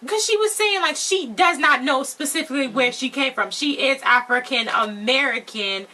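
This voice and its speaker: A woman's voice: high voice, moderate pace, sharp tone. A woman co-hosting a casual reality TV recap, questioning and pushing back on her co-host's points. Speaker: co-host of a reality show recap channel. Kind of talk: casual chat recapping a TV episode.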